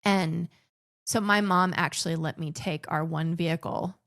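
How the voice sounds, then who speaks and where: This podcast guest, a woman in her forties raised in the Philippines, talks at a normal speed in a fairly low, fairly bright voice with fairly even intonation. She chattily tells personal stories, often restarting her sentences, in a clean, echo-free studio recording.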